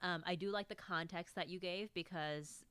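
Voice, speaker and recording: A woman guest in a radio studio giving feedback in a casual chat, a self-described fast talker. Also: on the low side, fairly even intonation, a bit bright, clear, resonant tone. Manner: fast-talking. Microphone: studio mic.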